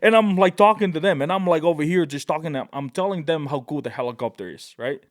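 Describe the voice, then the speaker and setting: A man from Tonga, a podcast guest, telling animated stories in a casual, excitable way with frequent "right?" asides. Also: fairly high pitch, fast talker. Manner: animated, excitable, peppers speech with "right?" and "bro". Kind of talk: casual storytelling.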